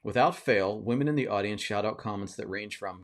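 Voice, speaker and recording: Male host reading a book passage aloud on a live session, lower register, steady narration. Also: fairly quick, few pauses.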